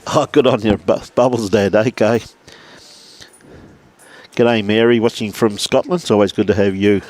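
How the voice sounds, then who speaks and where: A man with a fairly low, darkish voice speaks at normal speed with a steady tone. He's an Australian commentating a lawn bowls livestream indoors behind a glass window by the green, sociable and matey, shouting out viewers by name.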